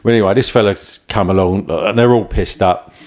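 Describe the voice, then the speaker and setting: Guy, lowish voice, rambling through old firehouse prank stories, keeps cracking up. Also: brisk, darkish tone. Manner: rambling anecdotes, laughs often, acts out voices in quotes. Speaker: podcast host and former firefighter. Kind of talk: casual storytelling chat.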